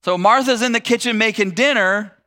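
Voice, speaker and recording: A male pastor preaches in a chatty, humorous way, acting out little scenes as he goes. His voice sits high and sounds bright and forceful. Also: fairly quick. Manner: conversational and humorous, acts out scenes. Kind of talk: sermon.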